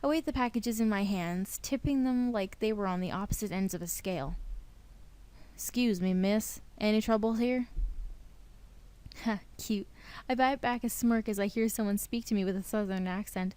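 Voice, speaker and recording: A young woman hosting a let's play, reading a visual novel's narration aloud in a playful, expressive way. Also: mid-range voice, fairly quick, clear, resonant tone.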